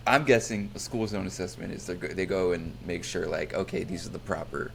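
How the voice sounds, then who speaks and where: A man's voice: deep voice, gravelly, a little hiss or hum. A young man co-hosting a podcast, joking casually and swearing often. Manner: laid-back, profane, laughs a lot. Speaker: podcast co-host. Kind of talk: casual chat.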